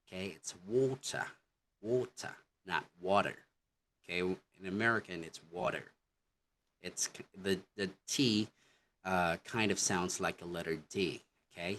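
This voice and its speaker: A man with a very low voice teaches an English lesson, moving through his slides at an unhurried pace. He keeps pausing to restart his points with "okay, so". A faint hiss sits under the recording. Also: a bit bright. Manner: slow, halting explanations with many "okay, so".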